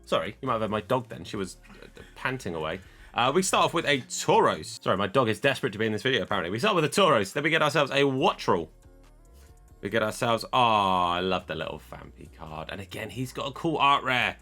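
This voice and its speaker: A man's voice: lowish voice, very animated, quick pace, sharp tone, faint music behind. A man casually chatting as he opens card packs, joking and scolding his camera for losing focus. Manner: chatty, self-deprecating, talks to his camera. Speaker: card opening host. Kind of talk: casual chat while opening card packs.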